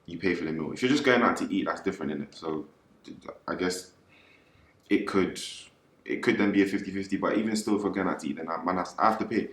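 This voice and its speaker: A man, a panelist explaining his views in a measured, thoughtful way. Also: low-pitched, fairly bright tone, roomy sound. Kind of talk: casual panel talk.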